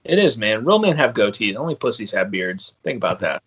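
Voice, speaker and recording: Husky and a bit bright, his fairly low voice swings widely in pitch as he talks fairly quickly. He's a guest on a podcast, casually recounting pranks with plenty of laughter and voicing the other people's lines.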